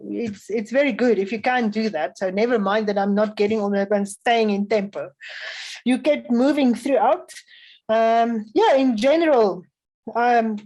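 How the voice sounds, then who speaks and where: A woman's voice: a little high, darkish tone, rough recording. Woman giving music feedback. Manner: measured, instructive, frequent um fillers. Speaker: music festival adjudicator. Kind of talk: spoken feedback to young violinists.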